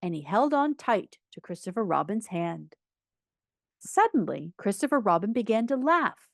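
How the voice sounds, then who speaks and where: A woman reading a children's audiobook aloud with an expressive, storytelling delivery. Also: medium pitch, moderate pace, vocal fry, no room sound, clean studio sound. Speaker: audiobook reader.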